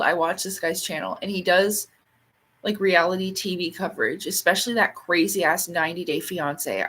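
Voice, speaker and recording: Chatty woman host on a casual livestream, rambles, laughs easily, swears lightly, jumps into high squeaky voices when quoting people. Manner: reads out and answers viewer comments; acts out quoted lines in sharp, much higher bursts.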